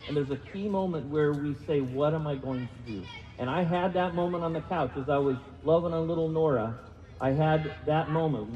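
In a medium-pitched, slightly mellow voice, this pastor keeps his sermon conversational and pokes fun at himself. He questions the congregation and gets them to repeat words back, all captured in a reverberant hall with dull, lo-fi audio.

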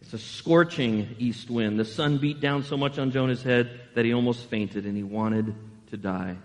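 A man preaching a sermon as pastor, animated and asking the congregation rhetorical questions. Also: mid-range voice, moderate pace, big-room sound.

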